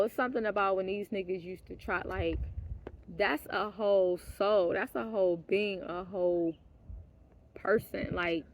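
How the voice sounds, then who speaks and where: A woman speaking at an ordinary middle pitch, talking straight to the camera in a candid, profane storytelling monologue. She drops into quiet, muttered asides, then rises into indignant, louder bursts. A faint hiss of background noise sits under her voice. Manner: blunt and profane, swinging between hushed asides and heated outbursts; laughs mid-sentence. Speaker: vlogger.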